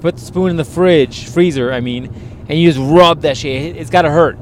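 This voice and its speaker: Profane, animated man hosting a podcast. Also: fairly high pitch, normal speed, slight background noise. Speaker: podcast host. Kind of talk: crude casual banter.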